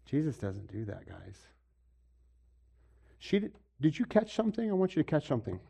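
A pastor giving a sermon, moving from quiet stretches to loud, emphatic preaching and asking his congregation questions. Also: fairly high pitch, huge pitch swings, normal speed, gravelly, slightly rough. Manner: asks the audience questions. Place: room with a congregation.

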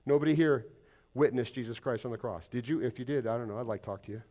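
A pastor preaches emphatically to his congregation, questioning the listeners and moving between loud emphasis and quiet asides. His voice sits at medium pitch, and he talks quickly.

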